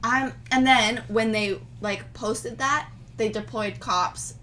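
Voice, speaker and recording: Woman, podcast co-host, bright slightly high voice, casual chatty talk, faint background noise. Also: fairly even intonation, slow. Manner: chatty, fillers of like. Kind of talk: casual chat.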